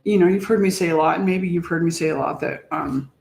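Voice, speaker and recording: A woman's voice: fairly low pitch, creaky, a little mellow, a little hiss or hum. Reflective woman in an echoey room. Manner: reflective, halting, searching for words. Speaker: podcast co-host. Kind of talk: casual heartfelt conversation.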